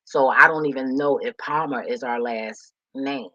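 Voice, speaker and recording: A woman from talks straight to her viewers in a passionate, emotional ramble full of restarts. Her voice is bright and forceful. The recording sounds dull and lo-fi. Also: rumbling low, normal speed. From Philadelphia. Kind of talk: casual monologue to viewers.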